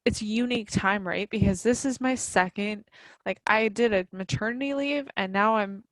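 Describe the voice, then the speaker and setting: A woman's voice: medium pitch, normal speed, no room sound, rough recording. A woman in her thirties co-hosting a podcast, talking casually and filling her speech with "like". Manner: chatty, peppered with "like". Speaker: podcast co-host. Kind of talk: casual chat.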